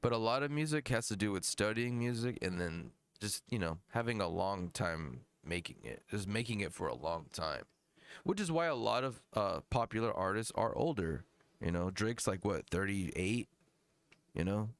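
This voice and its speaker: A man's voice: fairly low pitch, lively intonation, moderate pace, smooth. A man hosting a live music review stream, talking in a rambling, profane, casual way.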